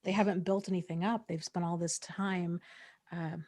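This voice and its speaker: A woman's voice: lowish voice, steady tone, moderate pace, a little mellow, dry recording, studio quality. A woman co-hosting a live Q&A, speaking supportively and hesitantly with many fillers. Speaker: co-host. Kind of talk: live Q&A chat.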